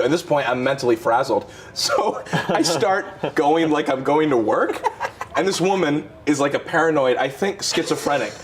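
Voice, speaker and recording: A man's voice: a little high, normal speed, slight background noise. A man telling a wild anecdote in a casual chat, laughing through it. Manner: animated, laughing through the story. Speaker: storyteller on a podcast.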